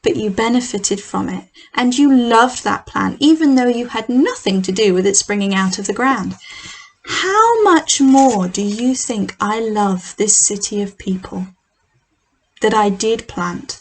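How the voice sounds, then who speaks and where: A woman speaking as God in a children's Bible story, patiently asking questions and gently chiding. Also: medium pitch, expressive, a little slow, poor audio. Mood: gently reproving.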